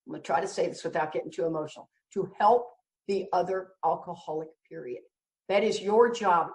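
A woman's voice: fairly high pitch, darkish tone, recorded from a distance. A middle-aged woman giving a candid recovery talk in a blunt, emphatic way with wry jokes. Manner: emphatic, blunt and wryly joking. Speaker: recovery meeting speaker. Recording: echoey room, voice from the mic.

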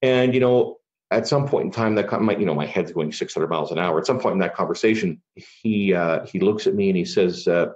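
A man's voice: deep voice, brisk, a little mellow. A middle-aged man, a podcast guest, telling a personal story in an earnest, casual way full of "you know" fillers, on a dull lo-fi recording.

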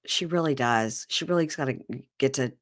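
A woman hosting a podcast, casually recapping a reality show in an animated storytelling way. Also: a bass voice, normal speed. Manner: animated storyteller, recounting scenes. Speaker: podcast host.

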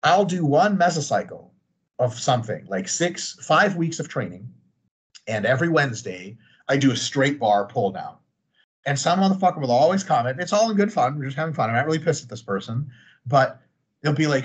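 Podcast guest, thirties, male: husky, very expressive, swearing freely. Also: mid-range voice, brisk. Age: 30s. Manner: animated, profane, ranting with humor. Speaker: podcast guest, training expert. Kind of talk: casual chat.

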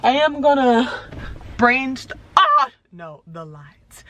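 This early-twenties vlogger sounds very animated, with a fairly high pitch and a slightly slow delivery. She rambles casually to viewers with lots of fillers while filming herself on a phone in a parked car, against background noise.

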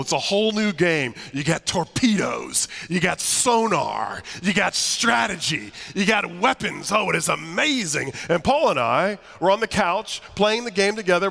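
Bright, high-voiced pastor preaching. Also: male voice, creaky. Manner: animated, humorous storytelling to a congregation. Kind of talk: sermon. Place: church sanctuary. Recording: long church reverb.

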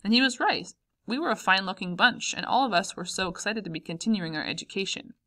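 A woman narrating a memoir audiobook in a calm, measured way. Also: mid-range voice. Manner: calm, measured, first-person memoir reading. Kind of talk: audiobook reading.

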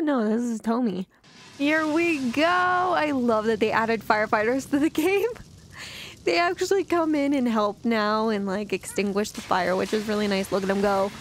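Excitable high-voiced woman narrating gameplay. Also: normal speed, faint music behind. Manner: excitable and chatty, talking to viewers. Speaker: gameplay commentator. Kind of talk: casual let's-play commentary.

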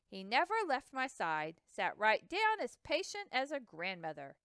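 A woman's voice: a little high, huge pitch swings, a little slow, a bit bright, clear, resonant tone, no room sound, studio quality, full character voice. Lady doing a proud worked-up captain guy, words tumbling out, storybook read-aloud, voice jumping all over. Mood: indignant. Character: proud excitable male expedition captain.

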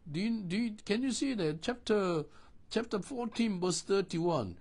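Husky man preaching with animated lilt. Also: high voice, measured pace. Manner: animated, call-and-response preaching in non-native English. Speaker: pastor. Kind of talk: sermon.

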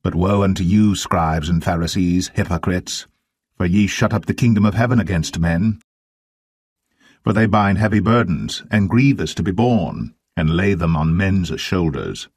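A man's voice: low voice, moderate pace, darkish tone, slightly rough, no echo, studio quality. Jesus, a man acting as a thundering preacher. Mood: fierce rebuke. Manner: thundering, denouncing, archaic speech. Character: Jesus, stern male preacher rebuking religious leaders.

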